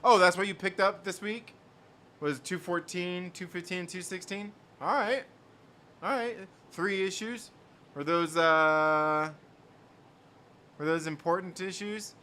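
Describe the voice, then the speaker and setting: Bright-voiced, chatty male stream host. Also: high voice, takes it slowly, pauses often. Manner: rambling, repeats himself, laughs often. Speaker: host reading live chat. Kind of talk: casual live-stream chat.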